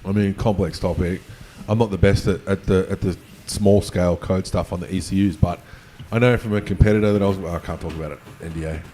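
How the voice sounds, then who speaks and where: Low casual man telling panel anecdotes. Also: fairly even intonation, fast, few pauses, dark tone, slight background noise. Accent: non-American. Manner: casual, anecdotal, swears offhandedly. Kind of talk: conference panel discussion.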